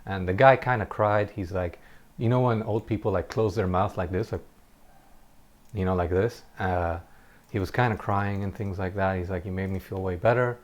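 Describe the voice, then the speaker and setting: A man's voice: low-pitched, steady tone, normal speed. A man doing gameplay commentary, telling a personal story in an earnest, reflective way, often stopping and restarting his sentences. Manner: occasional short laughs while telling a story.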